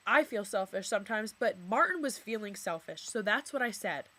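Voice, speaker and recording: A young woman with a fairly high voice, venting to camera in a chatty, filler-heavy way. She says "like" constantly and swears when she gets worked up. It sounds like a personal vlog recorded in her bedroom. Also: big pitch swings, moderate pace, a bit bright. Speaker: vlogger. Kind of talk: casual confessional storytelling to camera.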